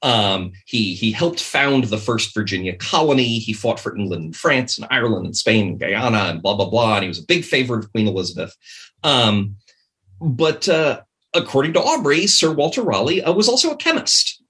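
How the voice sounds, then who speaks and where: Bright-voiced man chatting with fillers. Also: medium pitch, expressive, moderate pace. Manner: rambling, many fillers and restarts. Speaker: podcast guest. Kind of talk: casual chat.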